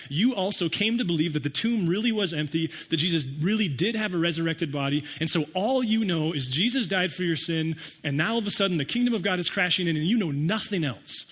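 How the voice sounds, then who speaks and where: A pastor preaching a conversational sermon, acting out listeners' reactions with wry humor. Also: male voice, a little high, fairly bright tone, big-room sound. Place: church sanctuary.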